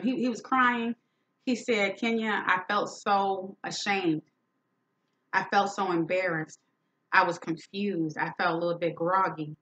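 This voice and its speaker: On a dull, lo-fi recording, a woman hosting a podcast talk show recounts a story in a monologue. Her mid-range, slightly bright voice moves slowly with frequent pauses as she indignantly and emphatically performs the quoted lines.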